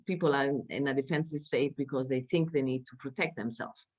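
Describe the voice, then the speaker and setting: Low-voiced woman lecturing, hesitant. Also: brisk, darkish tone. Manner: hesitant, many fillers and tag questions. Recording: dull lo-fi recording.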